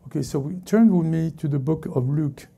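Gravelly dark-voiced male pastor preaching. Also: a little high. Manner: halting, self-correcting preaching with many restarts. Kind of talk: sermon. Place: church service before a congregation.

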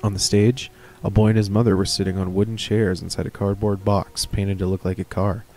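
A man's voice: on the low side, level tone, fairly quick, dark tone, faint music behind. A man reading a horror story aloud, with casual, chatty asides. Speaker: reader of stories.

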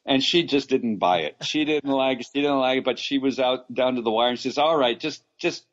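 With highs cut off in the recording, this Los Angeles actor speaks in a mid-range voice at a slightly fast clip. As a podcast guest in a casual interview, he rambles through lengthy stories, restarting, using fillers and laughing a lot.

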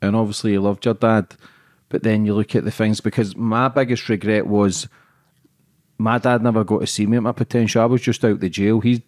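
A man's voice: fairly low pitch, fairly even intonation, brisk, darkish tone, no room sound, studio quality. A man hosting a podcast, talking candidly in an earnest, reflective way with loose, run-on phrasing. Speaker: podcast host. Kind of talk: candid conversation.

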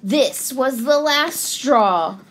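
Slow, sing-song woman reading to kids. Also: high-pitched, expressive, fairly bright tone, a little hiss or hum. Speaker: children's story reader. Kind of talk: picture book read-aloud.

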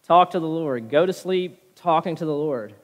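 A man's voice: on the high side, normal speed. Preaching man in a reverberant hall. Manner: preaching with frequent "right?" tag questions. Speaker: pastor. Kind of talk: sermon. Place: church sanctuary.

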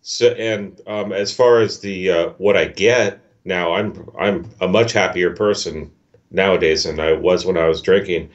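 A man's voice: low-pitched, a little slow, highs cut off. A man who is a guest in a casual conversation, speaking hesitantly with many restarts.

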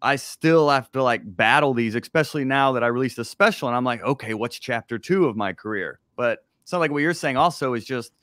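A man's voice: mid-range voice, fairly quick, hardly any pauses, a bit bright, no room sound, clean studio sound. Candid male comedian host. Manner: reflective, candid, with frequent fillers. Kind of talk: casual interview chat.

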